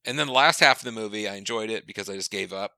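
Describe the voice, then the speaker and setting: Podcast co-host, male, cutting bright tone, dry close mic, swears freely, voices every character in his story. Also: lowish voice, rapid-fire, gravelly, dry recording. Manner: animated, profane storyteller who acts out quoted dialogue. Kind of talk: casual chat, long anecdote.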